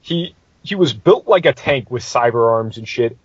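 Husky-voiced man ranting through a story. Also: medium pitch, moderate pace, no echo, lo-fi sound. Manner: profane, animated, exasperated. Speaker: podcast host telling a game story. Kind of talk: casual storytelling.

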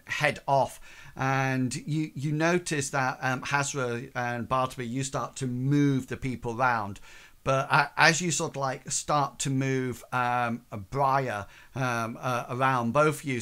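A man's voice: medium pitch, a bit bright, smooth. A man narrating a tabletop game as game master, hesitant and full of fillers. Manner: slow, halting, full of ums and sort-of-likes.

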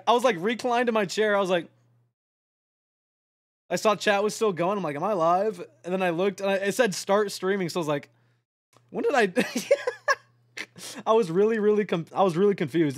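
Excitable young man with a high voice. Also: brisk, pauses often, dry recording, clean studio sound. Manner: rambling, excitable, swears a lot. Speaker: streamer. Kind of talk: late-night casual stream chat.

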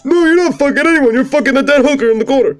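A man voicing an indignant, whiny younger plumber brother in a high, squeaky voice. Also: racing, faint music behind. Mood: mocking.

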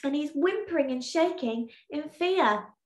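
A woman teacher tells a story to young children in a high, lively, sing-song voice, taking her time over each phrase. Her voice rings a little in an echoey room. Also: unhurried. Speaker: primary school teacher. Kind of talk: reading a storybook aloud in an online lesson.

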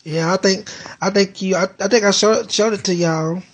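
A woman's voice: mid-range voice, normal speed, slightly rough. A woman chatting casually on a live stream from home into a phone, rambling and swearing in a playful way. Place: indoors at home.

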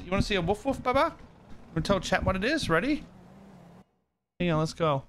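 A man's voice: high-pitched, slight background noise. A man live-streaming a roleplay game, chatting casually and using playful baby talk. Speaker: streamer and roleplay server owner.

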